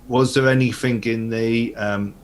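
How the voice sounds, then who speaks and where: A man at a tabletop game, asking halting questions in casual chat. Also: medium pitch, fairly even intonation. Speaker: player.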